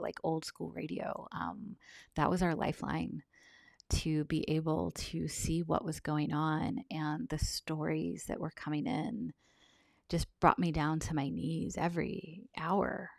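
A woman telling a personal story in a soft, halting, reflective way, often close to a whisper and on the verge of tears. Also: deep voice, vocal fry, dry recording. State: tearful, on the verge of crying. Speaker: vlogger sharing a personal account.

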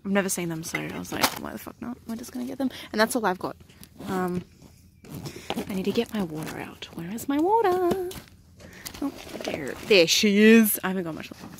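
A young woman vlogging on an outdoor picnic, excitable and giggly and swearing freely. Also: medium pitch, brisk, vocal fry, noisy background. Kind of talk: casual vlog chat. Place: outdoors in a rainforest picnic area. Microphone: handheld camera.

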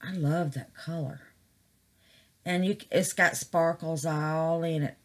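A woman crafting vlogger chats casually to camera, excited and full of exclamations, calling her viewers "babies." She has a low voice and a slow pace.

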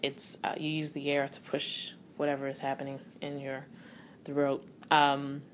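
A woman's voice: a bass voice, monotone, a little slow, a little hiss or hum. A woman vocal coach talking through singing technique in a loose, explanatory way, often restarting her sentences. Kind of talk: casual spoken voice lesson.

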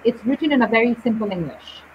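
A woman teaching English in a live online session, speaking slowly and deliberately with clear pauses between words. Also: on the high side, lively intonation, a little hiss or hum. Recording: dull lo-fi live stream audio.

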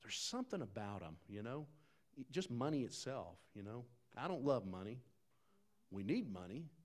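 A man preaching a sermon in a folksy, conversational way, talking straight to the congregation, dropping to quiet asides and rising to loud, emphatic bursts. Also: mid-range voice, big pitch swings, moderate pace. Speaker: pastor.

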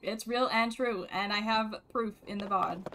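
A young woman giving casual, joking gameplay commentary as a streamer, with bursts of excitement. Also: medium pitch, normal speed, music in the background, low-quality recording. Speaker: let's play streamer.

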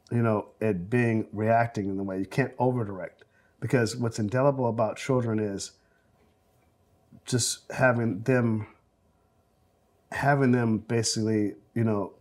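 Animated, rambling man in his forties. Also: on the low side. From South Central Los Angeles, USA. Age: 40s. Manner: animated storyteller, acts out quotes, many fillers. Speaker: film director interviewee. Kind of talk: oral history interview, anecdotal storytelling.

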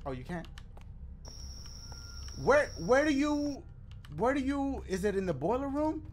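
A man hosting a let's play, commenting on the game in an animated, joking, slangy way. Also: very high-pitched, unhurried, a little hiss or hum. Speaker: gaming video host.

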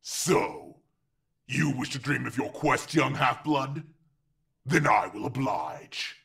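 A man's voice: mid-range voice, a bit bright. A man voicing an ancient evil male being speaking from a pit, cold, scornful and commanding in an audiobook. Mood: menacing. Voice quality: slow, gravelly, cold and menacing. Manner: drawn-out, commanding delivery. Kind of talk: audiobook character voice.

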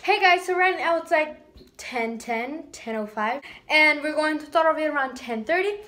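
A woman's voice: high-pitched, animated, normal speed, pushed and bright. A teenage girl chatting casually in a vlog on a handheld phone, bubbly and slangy. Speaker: vlogger. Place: home and stores, filmed on the go.

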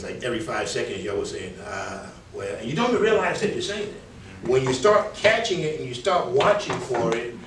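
A man's voice: medium pitch, a bit bright, slight background noise. New York man giving class feedback. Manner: candid, conversational, mimics filler words while correcting. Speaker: public speaking instructor. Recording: echoey room, mic from a distance.

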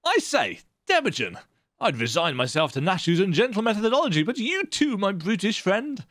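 A man voicing a pompous, fussy male gentleman inspector. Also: high voice, big pitch swings, a little fast, dry recording, studio quality.

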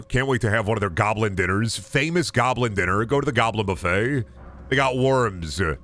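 A man's voice: fairly low pitch, fairly bright tone. A man streaming a game, giving casual, profane, rambling commentary full of absurd jokes.

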